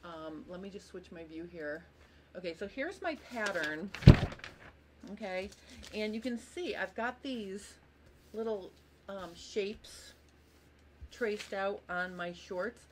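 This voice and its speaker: Speaking slowly and expressively in a mid-range voice, this sewing instructor hosts a live tutorial against a noisy background. Tired and yawning, she stays chatty and apologetic while guiding viewers through pattern tracing and calling them by name.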